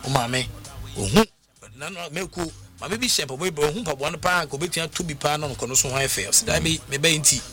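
Ghanaian radio host guy, kinda high voice, music playing behind, singsongy storytelling. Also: quick pace. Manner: mixes Twi and English, lively and sing-song. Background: music bed.

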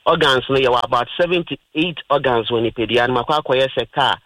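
A man's voice: mid-range voice, fairly quick, fairly bright tone, no echo, poor audio. A Ghanaian man hosting a radio health talk, explaining in plain terms and mixing in English words.

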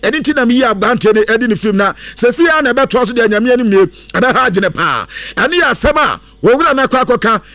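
A man talks through football news with a sing-song lilt. His voice sits very high. The sound is dry and close, with no room around it. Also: brisk, hardly any pauses, no echo. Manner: lively, mixes English into Akan, sing-song lilts and bursts of laughter. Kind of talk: casual football news chat.

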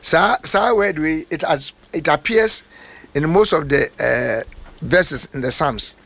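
A man preaching on a radio program, explaining slowly and repeating phrases for emphasis. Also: fairly high pitch, gravelly, fairly bright tone. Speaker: pastor teaching on a radio program. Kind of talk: preaching, mixing Twi and English. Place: radio studio.

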